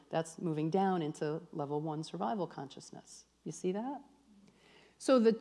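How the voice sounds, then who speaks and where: A woman spiritual teacher leading a church workshop with a live audience. She talks in a lively, chatty way, full of "like" and the odd swear. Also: medium pitch.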